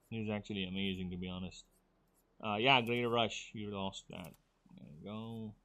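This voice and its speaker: A man's voice: fairly low pitch, bright, forceful tone. A man from the Philippines, streaming a game, teasing his viewers and muttering through his choices. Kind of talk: casual game stream chat.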